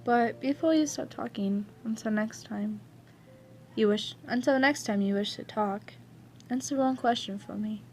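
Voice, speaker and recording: A woman voicing a gentle, affectionate young man in a fan fiction reading, speaking softly and reassuringly. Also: on the high side, measured pace, faint music behind. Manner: soft, tender, reassuring.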